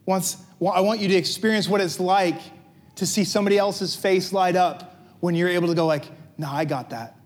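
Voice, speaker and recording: A man's voice: high-pitched, steady tone, a little fast. A pastor preaching a conversational sermon, asking his listeners questions and joking with them.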